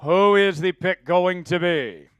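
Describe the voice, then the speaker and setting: A man's voice: high-pitched, slow, clean tone, dry recording, soft background music. Chatty male draft stream host. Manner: chatty, excitable, hypes viewers for likes. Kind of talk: casual live-stream commentary.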